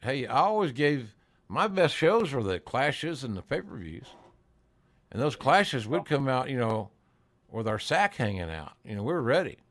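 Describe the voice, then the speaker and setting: A man's voice: mid-range voice, big pitch swings, measured pace. Folksy older man hosting a podcast. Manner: folksy, salty, chuckling storyteller. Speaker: podcast host. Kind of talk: casual interview chat.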